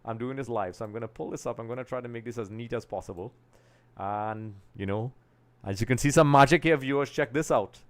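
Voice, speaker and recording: A man's voice: medium pitch, fairly quick, slight background noise. A young man from Trinidad and Tobago hosting a live football talk stream, talking casually and rambling a little as he pulls things up on screen. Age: young adult. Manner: casual, rambling, thinks aloud while working.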